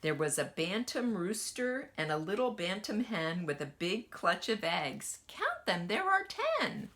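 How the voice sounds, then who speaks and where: A woman kindergarten teacher gently reading a picture book aloud to children and asking them questions as she goes. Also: on the low side. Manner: slow, lively sing-song storytelling.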